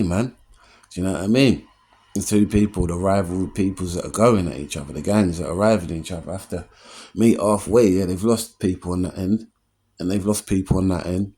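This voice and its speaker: On his own opinion show, a comedian in his 40s offers an earnest, streetwise motivational monologue. The voice sits low, with a dark, husky tone, and he keeps checking in with "you know what I mean?"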